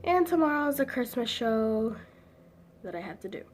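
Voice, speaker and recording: A woman's voice: a little high, lively intonation, normal speed, a little hiss or hum. A teenage girl chatting casually to camera at home, rambling with lots of "like" fillers and giggles. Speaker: vlogger.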